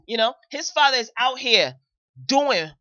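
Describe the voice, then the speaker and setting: A woman's voice: sits high, animated, unhurried, sharp tone, no room sound, lo-fi sound. A woman hosting a live commentary show, talking straight to her viewers and repeating phrases for emphasis. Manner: chatty, addresses viewers directly. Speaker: host.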